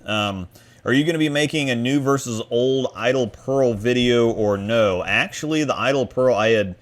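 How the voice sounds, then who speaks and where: A man's voice: medium pitch, moderate pace. A man hosting a casual livestream over a video call, rambling through viewer questions with frequent restarts. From Midwest US. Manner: rambling, restarts phrases, answers chat questions. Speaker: stream host.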